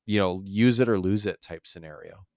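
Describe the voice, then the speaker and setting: A man's voice: low-pitched, normal speed, darkish tone, no room sound, clean studio sound. A man co-hosting a podcast, rambling casually with lots of fillers and swearing. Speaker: podcast co-host. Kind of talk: casual chat.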